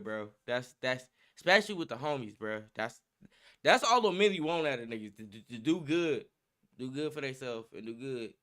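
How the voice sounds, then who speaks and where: Young male streamer, high and bright, excitable, profane casual banter. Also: smooth. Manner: hyped, slangy, profane, laughing often. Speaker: livestream host. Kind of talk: casual livestream chat.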